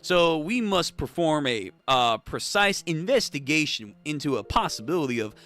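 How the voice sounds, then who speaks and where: A man's voice: a little high, very animated, normal speed, fairly bright tone. A man voicing a brash, pushy male police officer with a put-on Southern drawl. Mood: smug.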